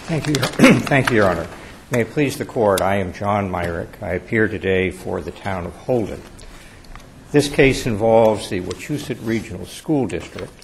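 A man speaking as an attorney in court, giving a measured, deferential formal legal argument. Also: on the low side, background noise. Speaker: attorney arguing before an appeals court.

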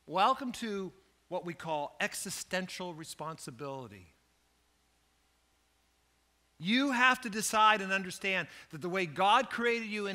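A male pastor preaches with a high, sharp, tense voice. He tells stories in an animated way and jokes at his own expense as he makes his point. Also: measured pace, pauses often. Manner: storytelling, animated, self-joking. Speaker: lead pastor. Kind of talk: sermon.

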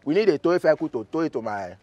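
A young man with a Nigerian Pidgin accent, a comedian in a sketch, loud and boisterous, swinging between shouts and mutters. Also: a little high, very animated, very fast, lo-fi sound.

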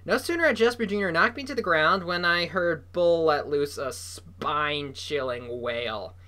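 A reader narrating a children's novel aloud, lively and voicing the characters. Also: medium pitch, unhurried.

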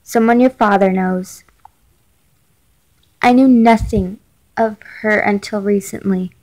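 A woman's voice: mid-range voice, steady tone, takes it slowly, a little mellow, lightly acted. A woman reading aloud as a worried mother who firmly tells her daughter to stay safe and holds back a secret. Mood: tense. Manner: firm, urging caution. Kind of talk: reading a chat story aloud.

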